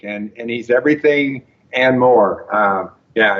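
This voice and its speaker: A man's voice: medium pitch, unhurried, dull audio. A man as a guest dentist in a casual interview, agreeable, mostly answering with short affirmations.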